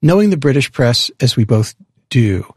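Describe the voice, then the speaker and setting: A man in his sixties hosting a radio interview, explaining the story in a measured way before questioning his guest. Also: medium pitch, sing-song, breathy edge, no echo, clean studio sound. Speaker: radio host.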